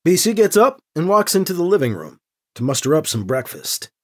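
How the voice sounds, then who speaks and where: An audiobook narrator reading a story in an expressive, dry storytelling manner. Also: mid-range voice, brisk, slightly rough. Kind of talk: scripted narration.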